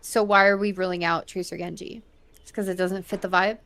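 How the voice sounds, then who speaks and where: A woman's voice: medium pitch, steady tone, a little fast, a bit bright. A woman hosting a casual gaming quiz, reading out questions and teasing the contestant in a matter-of-fact way. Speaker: quiz host.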